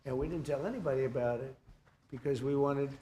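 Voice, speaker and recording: A man's voice: mid-range voice, a little fast, mellow, a little hiss or hum. Older man rambling through joking press remarks. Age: 70s. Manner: rambling, joking, seeks agreement with "okay? right?". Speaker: politician speaking at a press event.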